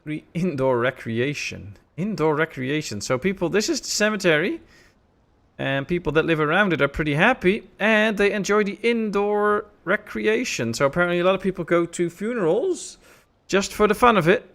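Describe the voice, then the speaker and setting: A man with a high-sitting voice and moderate pace casually comments while playing a city-building game on a live stream. He's relaxed and chatty, answering chat as he goes.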